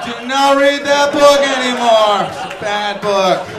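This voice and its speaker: Man playing a yelling God, scolding, high and loud, echoey club, crowd noise. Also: measured pace. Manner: shouting, scolding. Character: exasperated male God scolding believers. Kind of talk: stand-up act-out.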